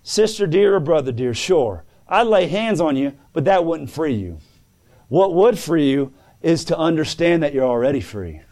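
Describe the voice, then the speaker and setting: A man preaching a sermon that answers written questions, telling folksy stories in plain speech and swinging between soft pleading and fervent calls. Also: on the high side, big pitch swings, normal speed. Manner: folksy plain-spoken storytelling.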